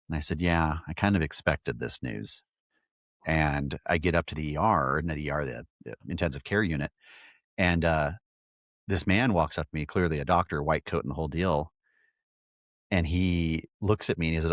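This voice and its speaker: A man hosting a podcast, telling a long personal story with halting restarts and repeated words. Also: extremely low pitch, no echo, studio quality. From California. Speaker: podcast host.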